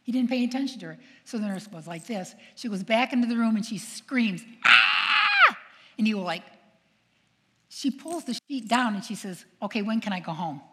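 Older nun telling stories in a hall. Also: female voice, medium pitch, a little fast, slight background noise. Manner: animated, acts out quoted voices, asks the audience questions. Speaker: nun and speaker. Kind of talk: storytelling talk to an audience. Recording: long hall reverb.

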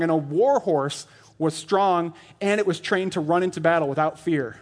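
Joking, chatty preacher man, slightly high voice. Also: normal speed. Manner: chatty and joking, lots of "like", laughs at his own jokes. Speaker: lay elder preaching. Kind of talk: casual sermon.

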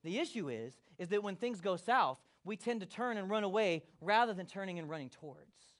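A male pastor preaching a sermon, swinging from hushed to loud and acting out quotes. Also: high voice, expressive, brisk.

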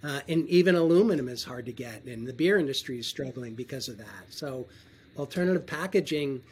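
A man talking casually as a wine trade guest in an interview, relaxed and often clearing his throat. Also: medium pitch, a little fast.

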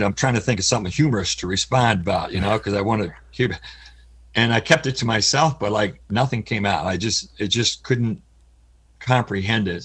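Middle-aged male interview guest, low husky voice, halting and heartfelt, voice prone to cracking. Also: fairly bright tone. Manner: halting, earnest, pauses often. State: voice cracks with emotion. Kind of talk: candid personal interview.

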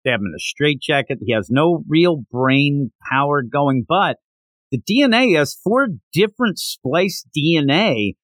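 A male podcast host who talks in a loose, rambling way, often doubling back mid-sentence. His voice sits a bit high and swings widely in pitch. The sound is dry and close. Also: animated, measured pace, fairly bright tone, no echo. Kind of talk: casual podcast chat and recap.

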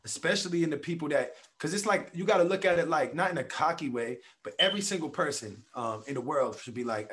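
Man, podcast guest, casual and profane, slightly higher voice. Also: quick pace, hardly any pauses. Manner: blunt, profane, animated storytelling with acted quotes. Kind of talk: casual conversation.

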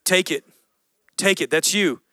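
A man preaching a sermon, telling a Bible story in a casual, animated way and acting out the voices. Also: sits high, a little slow, no echo. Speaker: pastor.

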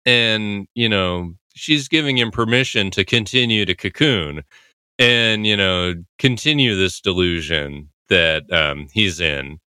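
Man, casual rambling commentary, lowish voice, bright forceful tone, lots of fillers. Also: unhurried, smooth, no room sound, studio quality. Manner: rambling, heavy "you know" fillers, laughs often. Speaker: podcast host analyzing a TV episode.

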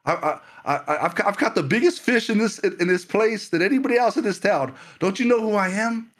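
A man's voice: high voice, lively intonation, fairly quick, a bit bright, voice pushed up. A man acting out a proud, boastful fisherman who scoffs in disbelief with a raised voice. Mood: scoffing. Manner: incredulous, mocking, raised voice.

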